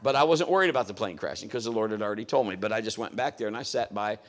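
A man's voice: lowish voice, lively intonation, very fast. A man preaching a sermon in a conversational style, telling a story and acting out what others said. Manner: conversational, acts out quoted voices.

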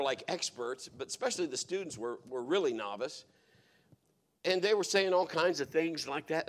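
A middle-aged man preaching a sermon, telling stories and swinging between hushed, quiet passages and loud, emphatic exhortation. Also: medium pitch. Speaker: pastor.

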